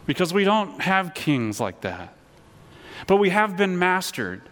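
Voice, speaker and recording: A man's voice: high voice, big pitch swings, measured pace, fairly bright tone. Earnest man preaching in a reverberant hall. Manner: earnest, repeats words, leads call-and-response. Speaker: pastor. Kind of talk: sermon.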